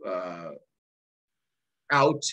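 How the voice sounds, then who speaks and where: A man's voice: sits low, expressive, very slow, sharp tone, rough recording. Rambling man in his sixties. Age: 60s. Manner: rambling, many ums and uhs, self-interrupting. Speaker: podcast co-host. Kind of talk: casual chat.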